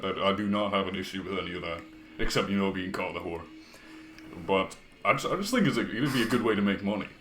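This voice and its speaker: A half British, half Canadian man with a very deep voice, reading chat aloud and trading crude jokes while he plays. His voice bounces around a roomy space. Faint music plays behind him. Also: fairly bright tone. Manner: crude, joking banter with chat. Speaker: game streamer. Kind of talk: casual gaming livestream, reading chat aloud.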